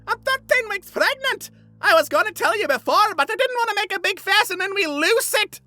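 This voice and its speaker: A weepy, self-pitying teenage killer girl with a piercing, very high voice that whines through every line in over-the-top melodrama, as a man puts her on in falsetto. The tone is bright and cutting, with faint music underneath. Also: expressive, fairly quick, no room sound, exaggerated voice. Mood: shrill excitement.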